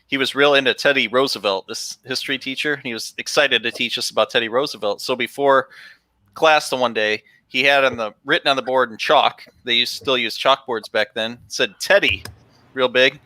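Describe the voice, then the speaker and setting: A man's voice: medium pitch, fairly even intonation, normal speed, sharp tone, no room sound. A man casually telling a funny school story on a live stream, laughing as he goes and mimicking the teacher. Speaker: comic shop podcast co-host.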